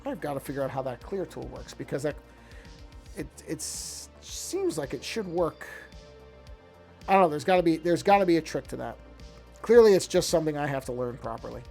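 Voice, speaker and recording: A man with a somewhat high, gravelly voice talks casually as he works on a drawing. He muses aloud, picks at his own mistakes and often trips into restarting his sentences. Faint music plays underneath. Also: lively intonation, moderate pace, a little mellow. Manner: musing, self-critical, restarts sentences. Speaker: streamer. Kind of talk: casual talk while drawing.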